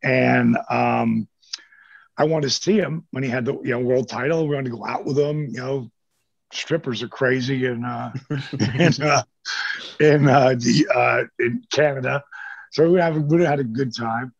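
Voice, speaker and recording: Older male guest, raspy, bone-dry close sound, lively anecdotes full of profanity and quoted voices. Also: medium pitch, a little slow, no room sound. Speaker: interview guest, former wrestler. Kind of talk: casual storytelling. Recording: dull lo-fi sound.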